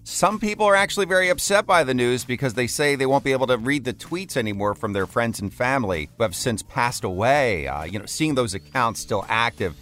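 A man co-hosting morning radio in a lively, chatty way. His pitch swings up and down a lot as he jokes with callers. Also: a little fast, few pauses, faint music behind. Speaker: radio morning show co-host. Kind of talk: casual radio banter.

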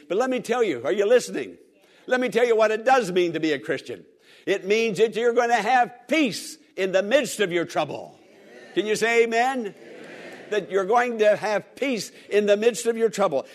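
A pastor with a high voice preaches to his congregation. He drives his points home by repeating key lines and asks the listeners to answer back. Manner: repetitive, emphatic preaching with call-and-response. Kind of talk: sermon.

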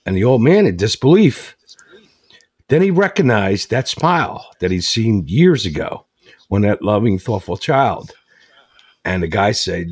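A low-voiced man hosts a talk show and tells a long story in an earnest, rambling way, restarting phrases as he goes. The sound is dry and close to the mic. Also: very animated, unhurried, breathy edge, dry recording. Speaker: radio show host.

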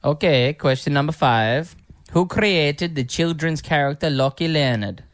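A man's voice: on the high side, unhurried, no echo, studio quality. Man reading quiz questions. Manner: joking, reads quiz questions. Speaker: radio co-host. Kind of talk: casual chat.

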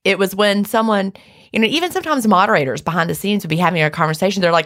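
A woman in a relaxed talk, drawing on her own experience. She speaks reflectively and sums things up as simple, practical rules. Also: mid-range voice, very fast. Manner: reflective, advice-giving. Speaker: former online group moderator. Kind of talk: casual chat.

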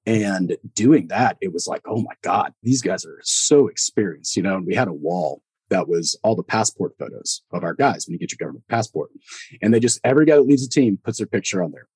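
A man with a somewhat low, husky voice tells war-time stories as a podcast guest. He animates the tale by mimicking the people he quotes. The sound is dry and close, with no room around it. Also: a little fast, no echo. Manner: animated storyteller who acts out quoted voices and laughs often. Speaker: podcast guest, former Army Green Beret. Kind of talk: casual storytelling conversation.

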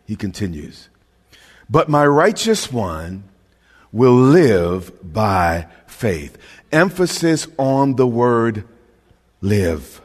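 Slow, animated preaching man in a hall. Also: medium pitch. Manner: impassioned preaching with stammered restarts, rising to shouts. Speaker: pastor. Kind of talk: sermon. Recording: long hall reverb.

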